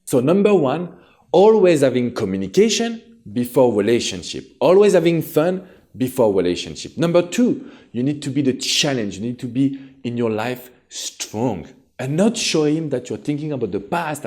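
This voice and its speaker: A man's voice: mid-range voice, big pitch swings, normal speed, dark tone. A man with a French accent giving relationship advice directly to his viewers as a coach, in an earnest and encouraging way.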